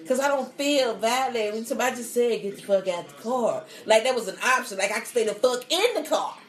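A woman co-hosting a podcast, teasing the others and swearing freely in loud casual banter. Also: on the high side, lively intonation, fairly quick, roomy sound. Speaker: podcast co-host.

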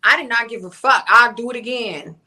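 A young woman recounts events as an interview guest with a bright, forward voice. She talks casually, blunt and profane, and keeps the telling lively. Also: a little high, brisk. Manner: candid, profane, animated retelling. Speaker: interview guest, livestream influencer. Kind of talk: casual storytelling.

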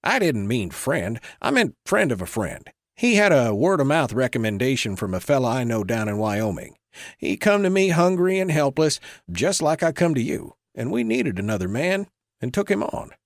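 A man voicing a gruff, suspicious male saloon hand in an old-west audiobook, speaking with heated indignation. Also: mid-range voice, big pitch swings, normal speed, dry recording. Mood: defensive. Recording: dry close recording.

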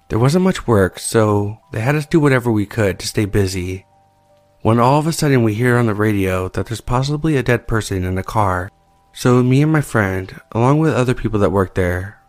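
A man calmly reading listener-sent creepy stories aloud, as the show's narrator. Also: fairly low pitch, dry recording. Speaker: horror story narrator. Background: soft background music.

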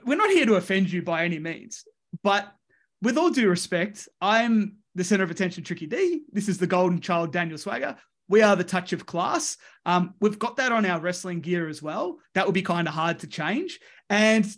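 Australian male wrestling coach, high voice, lively storyteller who does the voices. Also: moderate pace. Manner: lively, voices the people in his stories. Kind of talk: animated storytelling.

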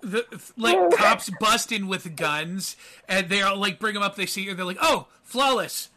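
Bright, slightly high male game master; quick, animated narrator.

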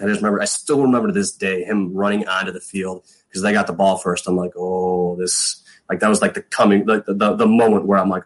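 A middle-aged man with a very low voice recounts his football days in a relaxed interview. His talk rambles along with plenty of fillers, and he acts out what others said to him. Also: fast talker, few pauses, rough recording. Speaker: guest, former pro football punter. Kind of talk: casual storytelling interview.

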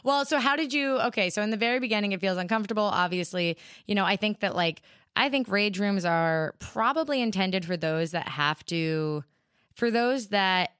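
A woman's voice: medium pitch, moderate pace, clean tone, no echo. Woman co-host, laid-back questioner, dry mic. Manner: relaxed, asks questions, uses "man" and "like". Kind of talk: casual chat.

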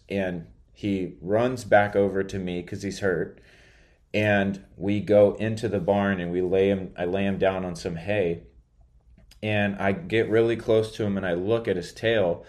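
Sounding groggy from a nap, a man tells a story on his podcast in a loose, wandering monologue packed with hesitations and filler words. He speaks low-pitched with a darkish tone.

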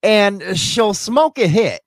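A male host telling profane stories in casual chat and reacting to clips, with loud bursts. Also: high voice, lively intonation, slow, no echo, studio quality. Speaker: podcast host.

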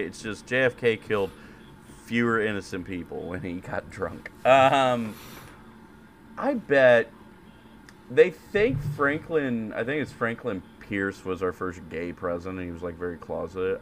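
A man's voice: on the low side, a little slow, a little hiss or hum. A man co-hosting a podcast in casual chat, sarcastic and crude. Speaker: podcast co-host.

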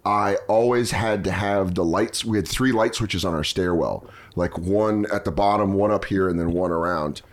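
A man's voice: low-pitched, moderate pace. A man hosting a podcast, chatting casually and crudely, often slipping into mocking voices. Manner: loose, profane, jumps into funny voices. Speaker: podcast host. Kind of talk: casual comedic chat.

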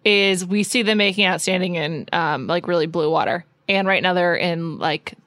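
A woman's voice: on the low side, normal speed, fairly bright tone, dry recording. A woman from New York co-hosting a podcast, chatting casually and rambling with lots of "like" fillers. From New York City. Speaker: podcast co-host. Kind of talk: casual chat.

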